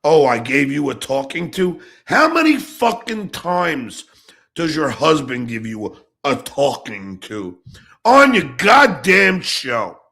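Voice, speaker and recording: Gravelly, furious ranting podcast host. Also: male voice, a little high, very animated, slow. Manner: heated, profane, swings from shouting to muttering. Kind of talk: angry ranting monologue.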